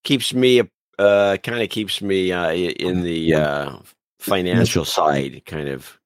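Low-voiced older man, halting talk. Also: clear, resonant tone, no echo. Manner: halting, restarts often. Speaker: podcast guest. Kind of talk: casual interview chat.

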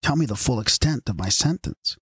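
A man reading as a despairing man who has suddenly turned old, pleading in a squeaky, quavering way. Underneath, the voice stays husky. It is recorded dry and close, as an audiobook reading. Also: animated, fairly quick, fairly bright tone, no room sound.

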